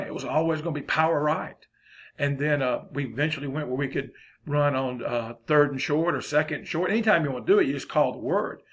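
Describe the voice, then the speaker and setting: A man's voice: on the high side, a bit bright, slightly rough. A man, giving a folksy, rambling football coaching lesson.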